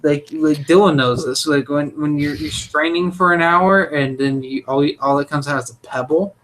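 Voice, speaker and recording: A young man with a fairly high voice talks in a casual chat. He is opinionated and animated and cracks crude jokes as he goes. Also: moderate pace, a little hiss or hum. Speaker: podcast co-host.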